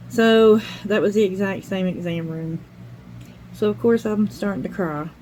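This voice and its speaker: An older woman with a mellow, warm voice talks in a loose, rambling way, sharing a heartfelt story while she works on a craft. Her pitch sits in an ordinary middle range. There is a faint hiss of noise behind her. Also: a little slow, rough recording. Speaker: craft channel host. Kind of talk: casual chat while crafting.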